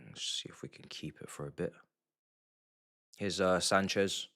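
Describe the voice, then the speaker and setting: A young man hosting a live football watchalong, muttering reactions that flare into loud outraged shouting. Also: deep voice, unhurried, vocal fry. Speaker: livestream football watchalong host. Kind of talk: live match watchalong commentary.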